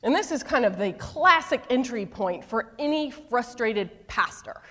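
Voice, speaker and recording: A woman's voice: fairly high pitch, animated, a little slow, few pauses, fairly bright tone, in a large hall. A middle-aged woman pastor preaching a sermon, telling stories with playful asides.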